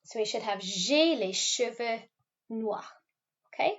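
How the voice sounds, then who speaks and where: A woman teacher talks pupils through a recorded French lesson, pausing to model words slowly and clearly. Her voice sits a little high. The recording is somewhat dull and lo-fi. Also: lively intonation. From Wales. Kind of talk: recorded classroom video lesson.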